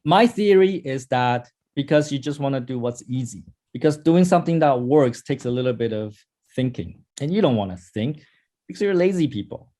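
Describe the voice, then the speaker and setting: A man's voice: medium pitch, animated, moderate pace, dark tone. A man teaching a sales class in a blunt, scolding way, swearing and quizzing his students. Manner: blunt, scolding, swears, acts out sample calls. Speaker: sales trainer. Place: training room with a class.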